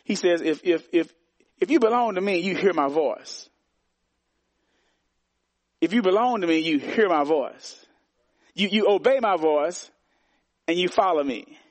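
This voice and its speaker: A man's voice: high-pitched, lively intonation, unhurried, long pauses, no echo. A man preaching a sermon as pastor, emphatic and repetitive, calling on the congregation to answer back.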